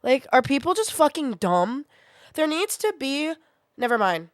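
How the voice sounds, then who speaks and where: A woman's voice: sits high, very animated, no room sound. A young woman streamer, sick with a sore throat, chatting casually and venting bluntly with plenty of swearing. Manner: blunt, swears often, quick to vent.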